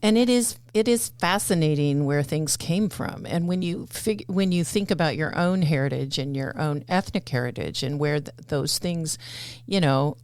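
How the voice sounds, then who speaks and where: Low-voiced woman hosting a chatty podcast. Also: normal speed, hardly any pauses, darkish tone, smooth, dry recording, clean studio sound. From United States. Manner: chatty, rambling with many fillers. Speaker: podcast host. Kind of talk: casual podcast chat.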